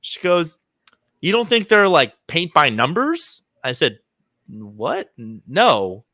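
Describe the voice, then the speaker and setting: Man, podcast co-host, lively storyteller, bright tone, dry close sound. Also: fairly high pitch, slow, no room sound. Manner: animated storyteller, acts out quoted people. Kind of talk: casual chat, storytelling.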